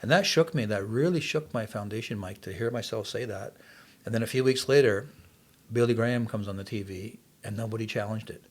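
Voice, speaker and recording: A man's voice: fairly low pitch, brisk. A man in his sixties from Canada, earnestly telling his life story as a podcast guest. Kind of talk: testimony in casual interview.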